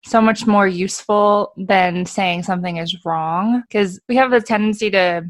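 A woman co-hosting a casual coaching podcast, explaining ideas calmly and laughing easily. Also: medium pitch, normal speed, no echo. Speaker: podcast co-host.

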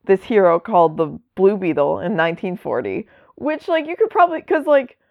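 As a podcast co-host in casual chat, a woman explains things chattily with plenty of asides. Her mid-range voice is sing-song and fairly quick with vocal fry, recorded without echo but with a dull lo-fi sound.

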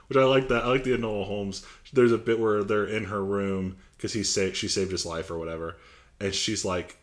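A man co-hosting a podcast, chatting casually and laughing as he retells movie scenes with animated bursts. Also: fairly low pitch, normal speed. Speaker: podcast co-host. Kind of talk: casual chat.

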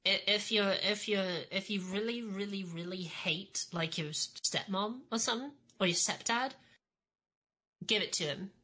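A woman's voice: mid-range voice, normal speed, pushed and bright. A woman co-hosting a podcast in casual chat, tipsy and tired, giggly and stumbling over her words. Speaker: podcast co-host.

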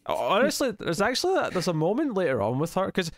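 A man co-hosting a podcast, chatting in an animated, jokey, rambling way about a TV episode. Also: high voice, fast talker, no room sound, studio quality. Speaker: podcast co-host. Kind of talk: casual chat reviewing a TV episode.

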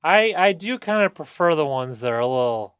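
A fairly high, smooth male voice trades casual banter as a podcast co-host. He giggles often, cracks crude jokes and stumbles through restarts mid-sentence, all with a dry, close sound. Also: lively intonation, brisk, a bit bright, no room sound, dull audio. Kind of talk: casual chat.

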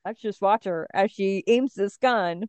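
A woman co-hosting a casual fan podcast, enthusiastic and quick to agree. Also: medium pitch, darkish tone, clean tone, no room sound. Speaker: podcast co-host.

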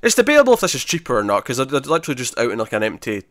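A man, co-hosting a podcast in casual chat, retelling scenes in an animated way with many restarts. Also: mid-range voice, rapid-fire. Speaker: podcast co-host.

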